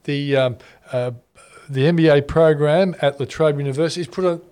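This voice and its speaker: Chatty Australian man, slightly high voice. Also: fairly even intonation, fairly quick, darkish tone, smooth. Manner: jokey, banters and introduces guests with many fillers. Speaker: co-host. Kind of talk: casual finance talk show chat.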